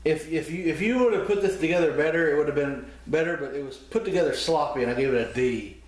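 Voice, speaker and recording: A man's voice: a little high, fast talker. A man co-hosting a podcast, giving blunt, short opinions about wrestling in casual chat. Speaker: podcast co-host. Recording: roomy echo.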